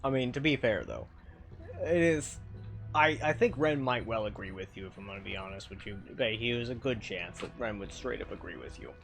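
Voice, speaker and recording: A man streaming a game and chatting casually, swinging between mumbling and loud, swearing exclamations. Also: fairly low pitch, expressive, brisk, vocal fry, soft background music.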